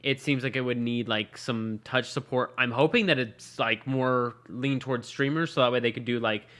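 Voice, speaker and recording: A man co-hosting a casual tech podcast, rambling and leaning on "like" as he thinks out loud. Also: medium pitch, steady tone, moderate pace. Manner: rambling, leans on "like" as a filler. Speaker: podcast co-host. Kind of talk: casual chat about tech gadgets.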